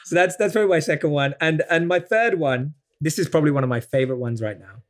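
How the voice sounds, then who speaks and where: British man, guest interview, earnest explainer, voice a touch high. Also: quick pace. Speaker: podcast guest. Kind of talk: motivational interview talk.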